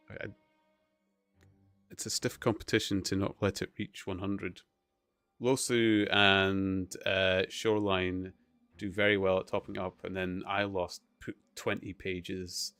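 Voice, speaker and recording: A man's voice: fairly low pitch, clean tone, no echo. A man chatting casually on a live stream, playful and rambling as he talks with viewers.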